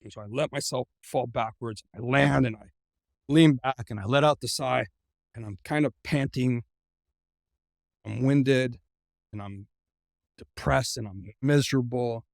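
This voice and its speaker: A middle-aged man as an interview guest, earnestly recounting a personal ordeal, often halting and repeating words as he speaks. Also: mid-range voice, creaky, dry recording, studio quality. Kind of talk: personal storytelling in a conversation.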